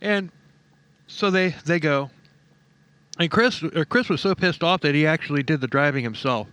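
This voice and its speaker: A man co-hosts a true-crime podcast in a loose, joking way, laughing often as he tells the story. His voice sits a little higher than most men's and is recorded close and dry, with no room sound. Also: normal speed, fairly bright tone, clear, resonant tone, no echo. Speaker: podcast co-host.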